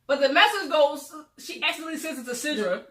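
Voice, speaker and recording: Bright young woman retelling a story. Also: sits high, quick pace. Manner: animated plot retelling with acted-out quotes. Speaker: book club host. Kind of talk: casual book discussion. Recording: roomy echo, voice far from mic.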